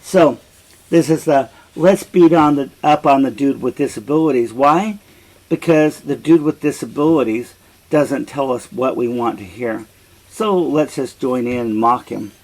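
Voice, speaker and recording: A middle-aged man teaching and explaining a play, deliberate and explanatory. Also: mid-range voice, a little mellow, rough recording. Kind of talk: slow reflective commentary.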